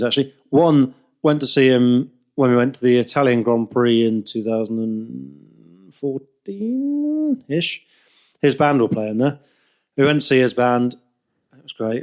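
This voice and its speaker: A man in his thirties, a podcast co-host, chatting casually. He tells long, rambling anecdotes, often laughs at his own stories, and his voice sits at an ordinary middle pitch. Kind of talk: casual chat.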